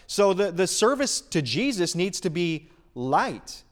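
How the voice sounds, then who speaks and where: A man's voice: sits high, sing-song, a little slow, hardly any pauses. A man preaching a sermon as pastor, earnest and emphatic, building up and easing off in intensity.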